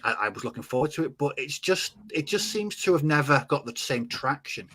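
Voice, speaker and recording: A man's voice: on the high side, animated, a little fast, fairly bright tone. A British man hosting a casual podcast chat, hesitant, with many fillers and restarts. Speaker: podcast host.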